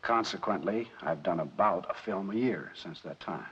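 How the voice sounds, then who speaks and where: Husky lowish male voice, film actor in an interview, deliberate with many pauses, muffled old recording. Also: fairly bright tone. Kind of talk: measured interview answers. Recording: dull, lo-fi 1960s interview recording.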